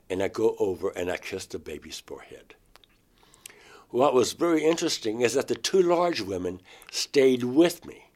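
In a darkish, mid-range voice, a man being interviewed sincerely recounts his own abduction experience. He tells it in the first person and voices his past words aloud.

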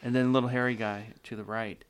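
A man interviewing a guest, asking direct, measured questions. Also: mid-range voice, little pitch movement, clear, resonant tone.

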